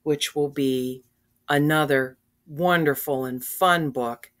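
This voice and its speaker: Slow, gentle grandmotherly story reader. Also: sits low. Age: older. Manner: gentle, earnest, speaks directly to children with questions. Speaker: storyteller reading to children. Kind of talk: children's story read-aloud.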